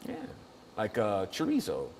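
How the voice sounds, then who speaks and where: Guy hosting a show, rambling and joking around, bouncy pitch, bit of hiss behind. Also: wildly swooping pitch, a little slow. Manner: jokey, rambling, laughs often. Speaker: show host. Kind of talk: casual comedic chat.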